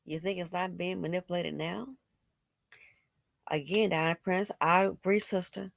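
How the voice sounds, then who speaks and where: A woman's voice: on the low side, steady tone, normal speed, vocal fry, no room sound. Blunt, emphatic woman in dry commentary. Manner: emphatic, repeats phrases, asks rhetorical questions; blunt and colloquial. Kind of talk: opinionated commentary.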